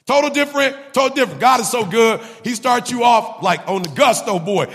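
High gravelly preacher in a ringing hall. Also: male voice, normal speed. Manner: animated, laughing, at times shouting. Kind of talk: sermon.

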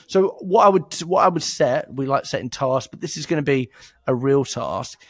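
A man's voice: medium pitch, no echo, studio quality. A man co-hosting a podcast, talking casually, laughing often and acting out quoted voices. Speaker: podcast co-host. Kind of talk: casual sales podcast chat.

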